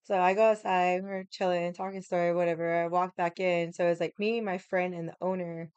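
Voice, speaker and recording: A woman's voice: fairly low pitch, flat delivery, fairly quick, a little mellow, smooth, dry recording, muffled recording. A woman telling a story at home, blunt, profane and heated. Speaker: vlogger. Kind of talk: casual storytelling. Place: home room with the AC running.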